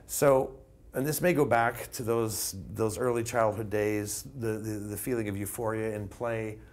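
A man hosting a casual interview show, asking long, halting questions. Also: lowish voice, fairly even intonation. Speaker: talk show host.

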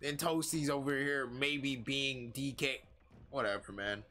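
An excitable male streamer talks through his match in playful, casual chatter. His voice has a bright, forward edge. A faint hiss sits under the recording. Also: medium pitch, unhurried. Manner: excitable and playful, yelping when startled. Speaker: livestreamer. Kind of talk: casual gameplay commentary.

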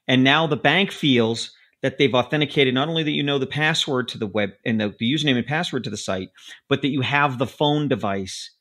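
A man's voice: medium pitch, brisk, a bit bright. A man co-hosting a podcast, talking emphatically about security with repeated words. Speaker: podcast co-host. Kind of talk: casual security podcast chat.

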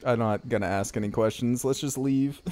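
A man's voice: mid-range voice, moderate pace, a little mellow, no echo. A man streaming a video game, chatting casually, joking and cursing. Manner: crude, laughing, joking. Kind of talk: casual gameplay chat.

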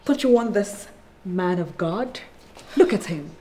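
A woman's voice: medium pitch, lively intonation, measured pace, dark tone, a little hiss or hum, close to an everyday voice. A woman playing a mocking, jealous Nigerian wife. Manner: sarcastic, taunting, theatrical. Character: jealous mocking wife taunting her pastor husband. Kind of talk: Nollywood film acting.

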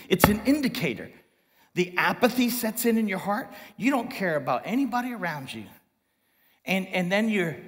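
A middle-aged man preaching a sermon in a church, animated and conversational, full of rhetorical questions. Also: sits high, in a large hall. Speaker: guest preacher. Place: church sanctuary.

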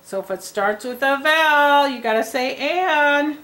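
A woman teaching young children to read, speaking in a clear, sing-song teacher voice. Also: high-pitched, normal speed, a bit bright, poor audio. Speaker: reading teacher. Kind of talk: children's reading lesson.

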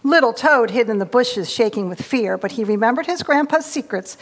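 A woman leading a children's story time in church, reading aloud in a bright, animated way while sitting on the steps. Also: fairly high pitch, moderate pace, few pauses. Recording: long church hall reverb.

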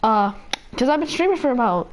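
A young woman streaming a game, chatting casually and rambling with lots of "like," mocking herself, her voice going a little hoarse. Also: on the high side, very animated, a little fast, slight background noise. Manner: rambling, self-mocking, peppered with "like". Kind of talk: casual live-stream chatter while gaming.

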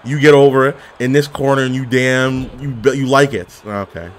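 A man giving casual, excitable commentary while playing a video game, trash-talking and laughing often. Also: medium pitch, normal speed, a little hiss or hum. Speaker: gaming commentator.

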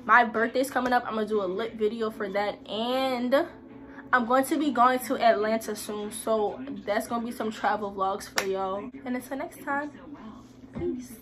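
A teenage girl chatting casually to her viewers in a vlog, her voice hoarse and worn from cheering and a little out of breath. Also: fairly high pitch, normal speed. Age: late teens. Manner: chatty, talks straight to viewers. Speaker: vlogger.

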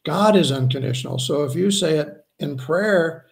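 A man, a spiritual healer, earnestly explaining his ideas in a conversational interview, slowing down to stress points. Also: on the high side, creaky. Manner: earnest, slows down to stress points, acts out quoted voices.

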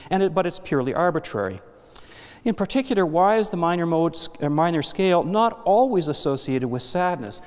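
A man giving an academic lecture to an audience, explaining step by step with asides and self-corrections. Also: a little high. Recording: hall reverb.

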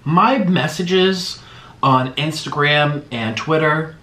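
Slow-spoken but excitable, this mukbang host has a voice on the high side and fills his casual eating vlog with exclamations over each bite. The room gives the recording a noticeable echo.

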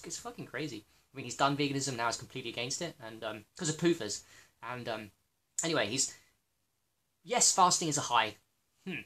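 A man rants straight to his viewers in a blunt, animated way, swearing freely as he goes. His voice is bright and forceful, with a sharp edge. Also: medium pitch. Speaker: health channel host. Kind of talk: casual monologue.

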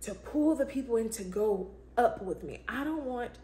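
A woman with a fairly high voice shares a casual faith reflection, talking informally and emphatically and often breaking into bursts of praise. The room around her echoes, and a faint ambient hum sits underneath. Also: animated, normal speed, warm tone. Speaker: vlogger, show host.

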